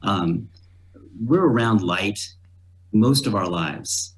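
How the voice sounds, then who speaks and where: A male company executive speaks in a lowish voice, answering interview questions thoughtfully. He pauses and restarts a little as he gathers his thoughts. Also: lively intonation.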